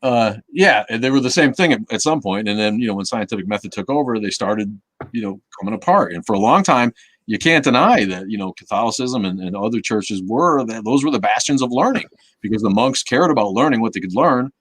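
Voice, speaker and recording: Male live-stream host, somewhat low voice, rambling casual delivery with swearing, dry close sound. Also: expressive, fairly quick, a bit bright, no room sound. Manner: rambling, profane, many restarts and fillers; reads chat comments aloud and reacts.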